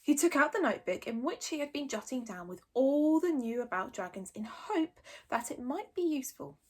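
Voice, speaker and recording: A woman reads a children's chapter book aloud, friendly and expressive. Her voice is high and lively, with a breathy edge. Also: moderate pace. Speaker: storybook reader.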